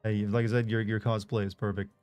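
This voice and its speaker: A man hosting a game stream, chatting in a relaxed way and thinking aloud as he plays. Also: lowish voice, fast talker, clear, resonant tone, no room sound, faint music behind. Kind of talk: casual gameplay commentary.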